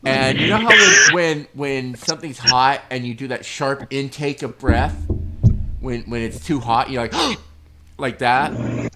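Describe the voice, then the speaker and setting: A man co-hosting a podcast, telling a funny story in a casual, profane, animated way and often breaking into laughter. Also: medium pitch, measured pace, very noisy. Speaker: podcast co-host.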